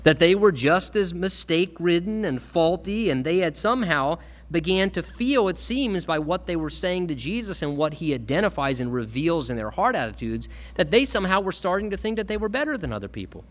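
Male pastor, animated sermon delivery, slightly raised pitch, dull recording. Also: brisk. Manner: earnest, emphatic preaching with repetition.

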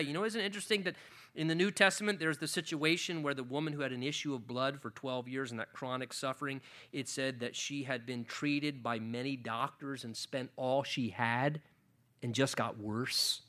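A man's voice: mid-range voice, steady tone, normal speed, pushed and bright. A middle-aged male pastor preaching a sermon, acting out scripture with rising passion. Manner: impassioned, voicing scripture with rising intensity.

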